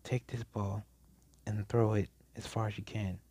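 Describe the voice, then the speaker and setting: A man's voice: on the low side, flat delivery, a little slow, dark tone, slightly rough. A man voicing a stern, sleepy, blunt adult male teacher in a casually told fan story, speaking curtly and dismissively. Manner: curt and dismissive.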